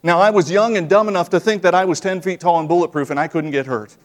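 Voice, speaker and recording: A man's voice: high-pitched, fast talker. Folksy man preaching in a reverberant church. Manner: conversational, folksy, with frequent "right?" asides. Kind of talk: sermon.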